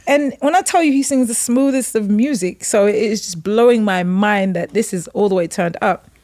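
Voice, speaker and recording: A woman's voice: mid-range voice, normal speed. A woman guest on a podcast, telling a story in a casual way, acting out the voices of other people with laughter. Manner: animated, acts out quotes with laughs.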